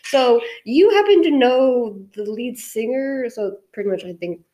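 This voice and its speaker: A woman's voice: a little high, animated, a little slow, warm tone. A young woman co-hosts a casual podcast chat, rambling from one topic to the next. She is blunt and swears freely, with frequent restarts. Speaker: podcast co-host.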